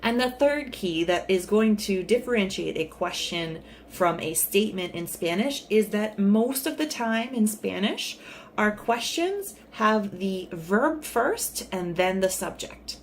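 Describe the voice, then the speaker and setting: A woman's voice: mid-range voice, animated, a little slow, slight background noise. A woman giving a casual video lesson, explaining step by step with examples in a friendly way. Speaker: Spanish teacher. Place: recording in a city in Central America.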